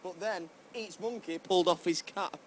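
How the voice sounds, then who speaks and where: A man's voice: sits high, normal speed, a little hiss or hum. A young man reading a picture book aloud to children, playful and asking them questions, laughing at his own slips. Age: young adult. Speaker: guest reader at a children's event.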